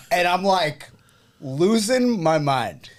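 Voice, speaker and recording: A man's voice: sits high, drawn-out words. A young man with a New England accent, hosting a casual chat and telling stories with laughter and quoted voices. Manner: animated storyteller, laughing and dropping into quoted voices. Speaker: podcast host.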